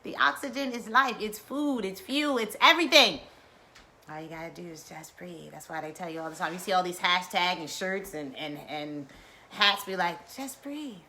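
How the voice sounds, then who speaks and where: Bright, lively woman leading breathing. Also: on the low side, moderate pace, a little hiss or hum. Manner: lively, playful, drawls and chuckles. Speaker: wellness vlogger. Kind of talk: guided breathing and casual chat.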